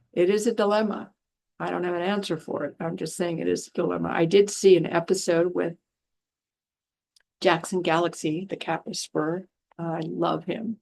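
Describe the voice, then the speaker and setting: A woman's voice: lowish voice, gravelly, darkish tone. A woman who works as an animal communicator, talking frankly in a casual monologue and slipping into voices when she quotes people. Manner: chatty storyteller acting out quotes in changed voices; frank, exasperated asides. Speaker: animal communicator and spiritual healer.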